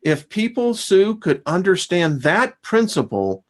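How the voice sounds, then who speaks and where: A man's voice: high-pitched, sing-song, unhurried. A man hosting a casual spiritual discussion, laughing often and reading out a list of principles. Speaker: host.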